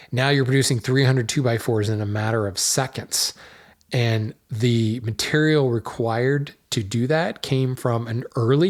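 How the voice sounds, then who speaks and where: Chatty man talking about lumber. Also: medium pitch. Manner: conversational, many fillers and restarts. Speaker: podcast host; hardwood dealer. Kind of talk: casual solo talk.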